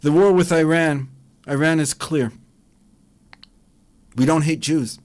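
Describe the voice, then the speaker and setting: A man's voice: a little high, slow, darkish tone. A man, a rabbi, giving an impassioned Torah lecture and acting out dialogues with a rising voice.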